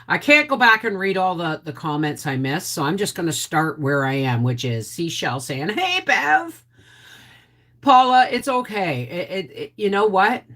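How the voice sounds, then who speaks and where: A woman's voice: lowish voice, animated, normal speed, few pauses, a bit bright. An older woman hosting a casual livestream, chatting and greeting viewers by name. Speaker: homestead channel host.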